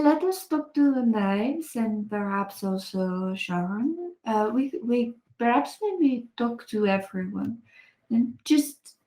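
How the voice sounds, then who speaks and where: A woman plays an earnest, cautious leader speaking in a put-on French accent. The delivery is slow and full of hesitations, with formal phrasing and a soft, mellow tone. It sounds like tabletop role-play in character. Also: mid-range voice, echoey room, close to an everyday voice, rough recording.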